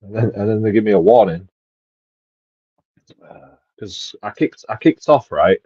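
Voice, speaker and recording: Man, husky voice, lowish pitch, profane rambling rant. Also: lively intonation, unhurried, dark tone, no echo. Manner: swears heavily, rambling, with restarts and laughs. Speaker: vlogger. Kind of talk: casual ranting monologue. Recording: dull lo-fi dry sound.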